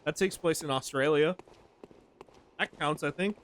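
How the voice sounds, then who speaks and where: A man in his twenties talks to his viewers while playing a game, rambling from one thought to the next. His speech is slangy and relaxed, broken up by frequent laughs, and his voice sits a little higher than most men's. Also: moderate pace. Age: 20s. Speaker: streamer. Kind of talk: casual gameplay commentary to chat.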